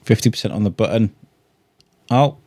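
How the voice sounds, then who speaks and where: A man's voice: on the low side, moderate pace, dark tone, dry recording. A man hosting a podcast quiz game, announcing answers and counting down in an upbeat manner. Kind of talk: game-show style hosting.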